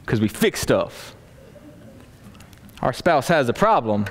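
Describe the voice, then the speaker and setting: A man's voice: medium pitch, sing-song, slow pace, long pauses, a little hiss or hum. A man preaching a sermon to a congregation, acting out everyday dialogue as he teaches. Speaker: pastor.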